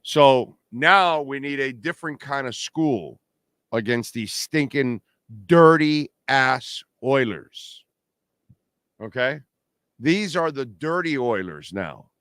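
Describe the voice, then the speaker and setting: Here a brash middle-aged man hosts a casual postgame sports livestream, trash-talking while reading super chats and sponsor plugs. His medium-pitched voice is expressive, unhurried, and fairly bright, in a dry, studio-quality recording.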